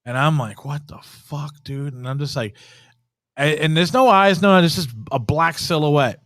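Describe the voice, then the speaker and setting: A man's voice: fairly high pitch, normal speed, fairly bright tone, dry recording, studio quality. Profane, rambling man telling a ghost story. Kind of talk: casual podcast storytelling. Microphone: podcast studio mic.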